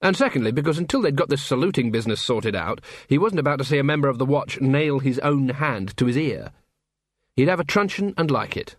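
A man narrating an audiobook in a lively, expressive way with dry wit. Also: medium pitch, fairly quick, no echo. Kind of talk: audiobook narration of a comic fantasy novel.

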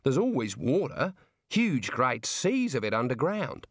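A man voicing a blunt, sharp-tongued young woman with a scornful manner. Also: mid-range voice, big pitch swings, measured pace, dry recording, studio quality.

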